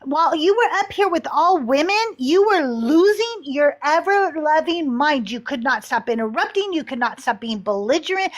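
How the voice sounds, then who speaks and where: A woman hosting a live online debate, talking bluntly and with profanity, telling stories in lively bursts. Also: high-pitched, moderate pace, few pauses. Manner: blunt, profane, animated storytelling. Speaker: podcast host. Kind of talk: casual debate chat on a live stream.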